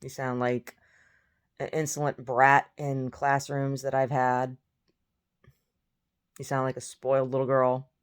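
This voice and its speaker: A woman's voice: very deep voice, monotone, a little slow, pauses often, clean tone. A woman in a casual monologue from her bed, blunt and opinionated, with a groggy first-thing-in-the-morning voice. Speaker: vlogger. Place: in bed at home.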